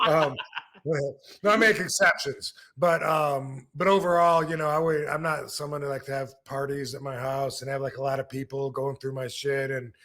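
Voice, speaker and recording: A man's voice: a little high, fairly bright tone. A man in his fifties from Michigan, hosting a casual podcast chat and telling a long story, repeating words and acting out old quotes. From Michigan, USA. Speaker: podcast host, former wrestler.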